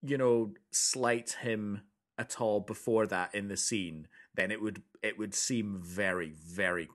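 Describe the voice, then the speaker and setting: Low-voiced man retelling a film scene. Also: unhurried, fairly bright tone. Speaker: podcast co-host. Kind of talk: casual film chat.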